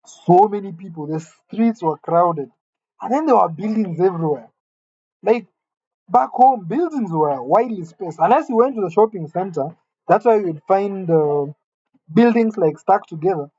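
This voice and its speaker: A man's voice: high voice, expressive, normal speed, dark tone, breathy edge, dull audio. A man from Kenya, telling a candid, self-deprecating personal story in a conversational way.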